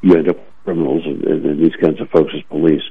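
A man's voice: rumbling low, flat delivery, fast, vocal fry, slightly rough. A man giving emphatic, opinionated commentary on talk radio, often repeating words as he starts a thought, heard over a tinny phone-like line.

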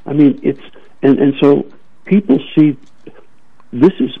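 A man's voice: on the high side, unhurried, creaky, husky. A man giving emphatic, opinionated commentary on talk radio, often repeating words as he starts a thought, heard over a tinny phone-like line.

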